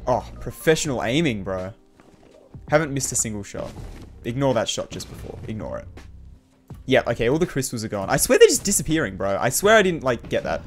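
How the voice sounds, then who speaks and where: A man's voice: mid-range voice, fairly quick. A young man with an Australian accent talks through a game as he plays it, his voice leaping up and dropping back as things go wrong and right. He reacts on the spot with casual slang. Faint music plays under him. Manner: excitable, reacting aloud with frequent laughs and slang. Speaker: game streamer. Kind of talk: live gameplay commentary.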